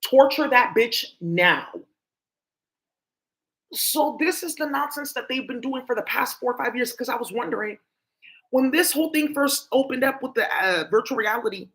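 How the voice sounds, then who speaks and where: A woman's voice: high-pitched, normal speed, fairly bright tone. A woman vlogger talking to camera in a rambling, emphatic monologue full of swearing.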